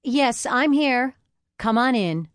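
A woman's voice: fairly low pitch, lively intonation, moderate pace, no echo, clean studio sound, lightly acted. A woman voicing a stiff, flustered young male pastor who speaks in a prim, formal way. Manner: prim, formal, inwardly anxious.

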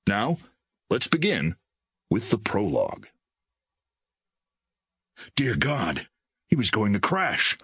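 A man reading an audiobook in a recording studio with measured storytelling on a close mic. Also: lowish voice, wildly swooping pitch, fairly bright tone, slightly rough, dry recording. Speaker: audiobook narrator. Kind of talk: scripted audiobook narration.

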